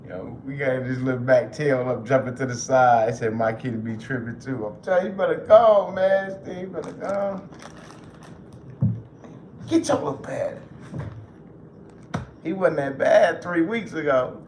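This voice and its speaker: Male livestream host, loose and profane, mid pitch, echoey room. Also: a little slow, pauses often, darkish tone. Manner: loose, joking, swears freely. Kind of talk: casual livestream chat. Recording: roomy echo with faint noise.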